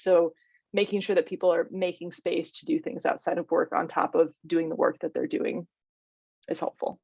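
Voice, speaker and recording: Woman guest speaker, mental health educator, lowish voice, dull dry call audio, chatty with fillers. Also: flat delivery, moderate pace, darkish tone, no echo. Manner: conversational, frequent "um" and "like". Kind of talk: casual panel discussion.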